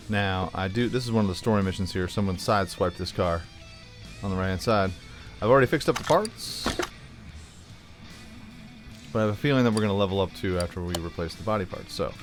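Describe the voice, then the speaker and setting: Brief: lower-voiced male gaming host, chatty play-along talk, slightly sore throat, quiet music underneath. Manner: rambling, chatty, thinking aloud. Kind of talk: casual gameplay commentary.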